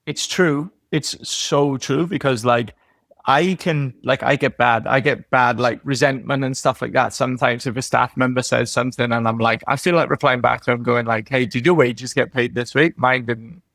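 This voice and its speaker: A man's voice: medium pitch, fairly even intonation, moderate pace, gravelly, a bit bright, no echo, clean studio sound. An Australian man, a business owner and podcast guest, talking bluntly and candidly with heavy swearing, often quoting other people. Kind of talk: casual podcast chat.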